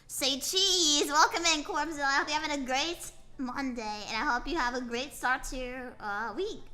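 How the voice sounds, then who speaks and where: A woman's voice: high voice, fairly quick, bright, forceful tone. A tired young woman streaming as a VTuber, chatting casually and rambling while she draws and answers her chat. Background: faint music playing.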